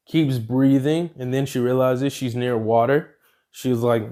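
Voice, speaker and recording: A man's voice: medium pitch, steady tone, measured pace, dark tone. A man casually narrating a made-up fan story, rambling along with plenty of fillers and self-corrections.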